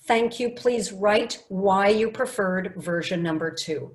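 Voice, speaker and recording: Woman speaking coach, online workshop, slow deliberate delivery, lively and coaxing. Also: mid-range voice. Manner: lively, coaxing and emphatic, reads chat replies aloud. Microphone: video call.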